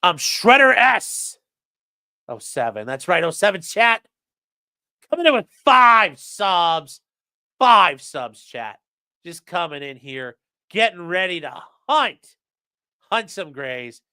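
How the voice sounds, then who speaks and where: Guy doing a big wrestling announcer voice, loud, slow, hyped up. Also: sits high, big pitch swings, clear, resonant tone, exaggerated voice. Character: booming male wrestling-ring announcer.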